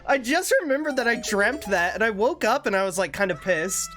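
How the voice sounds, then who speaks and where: A man's voice: high-pitched, lively intonation, moderate pace, few pauses. A young man streaming a game, chatting casually with his viewers, laid-back, laughing often and swearing freely. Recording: faint music behind.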